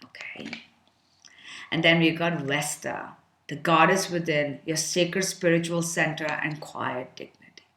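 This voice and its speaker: A woman's voice: low voice, steady tone, measured pace, fairly bright tone, reverberant. A woman giving a casual tarot reading, chatty and frank, thinking aloud with many fillers and an occasional curse. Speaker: tarot card reader.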